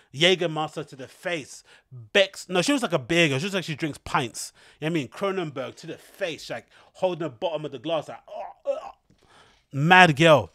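A man hosts a podcast in rambling, casual commentary. He is animated, cheeky and profane, full of slang. His voice sits a little high and is recorded close and dry. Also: dry recording. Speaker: podcast host.

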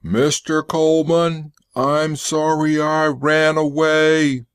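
A man's voice: fairly high pitch, little pitch movement, takes it slowly, clean tone, no room sound, clean studio sound, pitched above the performer's own voice. A man putting on a childlike, pleading robot.

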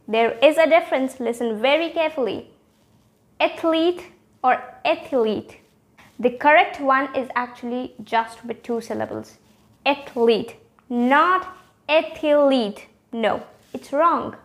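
High-voiced young woman teaching pronunciation. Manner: drawn-out, repeated demonstration of word sounds with quizzing questions. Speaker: channel host and pronunciation teacher. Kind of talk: casual pronunciation lesson to camera.

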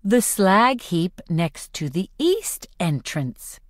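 A woman reading an audiobook voices a patient young girl who calmly corrects her sister, in a dry, close recording. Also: a little high, takes it slowly, dry recording.

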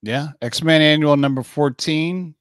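A man's voice: a little high, a little slow, no echo, studio quality. A man co-hosting a comic-book podcast, talking in a loose, rambling way full of fillers and restarts. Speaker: podcast co-host. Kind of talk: casual chat.

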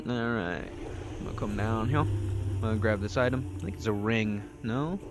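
A man's voice: on the low side, moderate pace, music in the background. A man giving casual let's-play commentary, crude and profane, joking and talking back at the game as he plays. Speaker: gameplay streamer.

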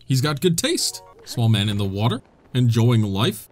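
Playful young man with a lively voice. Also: mid-range voice, normal speed, faint music behind. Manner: playful, jokey, talks to the game characters. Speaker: gaming channel host. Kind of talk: let's-play commentary.

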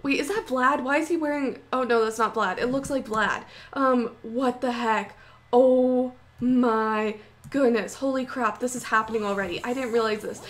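A young woman giving excitable, panicky gameplay commentary, full of gasps and exclamations. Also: fairly high pitch, moderate pace. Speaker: gaming YouTuber.

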